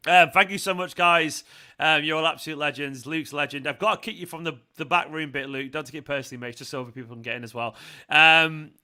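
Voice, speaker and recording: A man hosting a live fan show, excitable and effusive, swearing freely in casual chat with callers. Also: fairly high pitch, fast.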